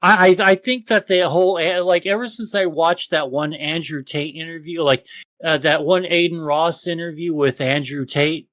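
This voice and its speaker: Brief: male podcast co-host, high-pitched, profane ranting, dry close mic. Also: fairly even intonation, normal speed, fairly bright tone, no room sound. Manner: profane, ranting, mocks others in exaggerated voices. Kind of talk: casual podcast chat.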